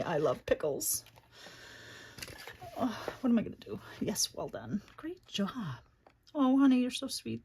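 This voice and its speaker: A woman's voice: fairly high pitch, slight background noise. A middle-aged woman hosting a chatty livestream craft tutorial, reading viewer comments aloud between steps. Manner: chatty, warm toward her daughter and viewers, reads chat aloud.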